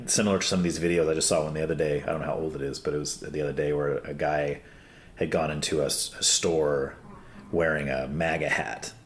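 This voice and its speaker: A man hosting a casual podcast discussion, talking in an animated, storytelling way. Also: very deep voice, fast talker, slight background noise. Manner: animated storyteller, acts out quoted people. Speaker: podcast host. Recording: roomy echo.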